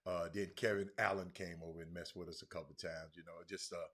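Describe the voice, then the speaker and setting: A man's voice: sits low, little pitch movement, fast talker, bright, forceful tone. A man hosting a casual sports talk livestream, rambling with many restarts and calling out his viewers by name. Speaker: sports talk show host.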